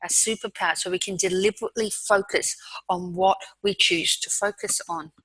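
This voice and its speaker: Calm Australian woman guiding mindfulness. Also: on the low side, slightly rough, no room sound, poor audio. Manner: calm, slow guiding with soft pauses. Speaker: mindfulness speaker. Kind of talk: guided mindfulness talk.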